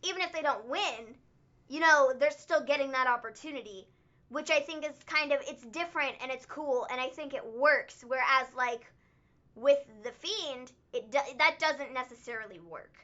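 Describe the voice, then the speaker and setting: Excitable high-voiced woman co-host. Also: normal speed, highs cut off. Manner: animated, excitable, laughs often. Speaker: wrestling show co-host. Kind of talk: casual livestream recap chat.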